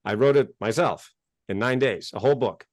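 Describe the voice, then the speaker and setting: Animated man telling his story, dry sound. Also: mid-range voice, a little fast, dry recording. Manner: animated, gets worked up and acts out exchanges. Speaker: interview guest, self-help author. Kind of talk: casual interview storytelling.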